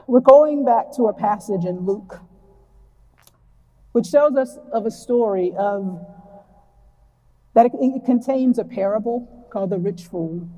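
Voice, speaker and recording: A woman preacher giving a reflective, earnest sermon and reading scripture slowly and deliberately. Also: a little high, warm tone. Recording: long hall reverb.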